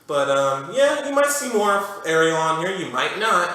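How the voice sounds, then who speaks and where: Bright-voiced playful young male host. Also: fairly high pitch, big pitch swings, normal speed. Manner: playful, hammy show-host banter. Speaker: interview host. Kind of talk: comedic interview hosting. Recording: echoey room with faint noise.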